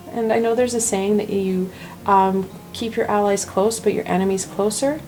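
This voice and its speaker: A woman hosting a weekly tarot reading video, talking in a gentle, reassuring, chatty way. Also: on the high side, rough recording. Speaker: tarot reader.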